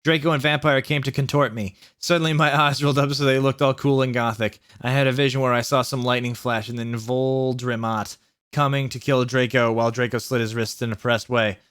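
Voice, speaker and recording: A young man reading a story aloud for a comic challenge, animated and laughing through lines. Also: mid-range voice, a little fast, clean tone, no room sound, studio quality. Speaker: YouTube reader.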